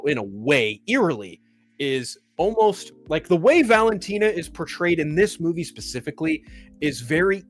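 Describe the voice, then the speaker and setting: A man's voice: fairly high pitch, a bit bright. A man reviewing a superhero film in a casual vlog, gushing and swearing, often restarting his sentences. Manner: enthusiastic, profane, rambling with restarts. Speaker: movie review vlogger. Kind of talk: casual movie chat.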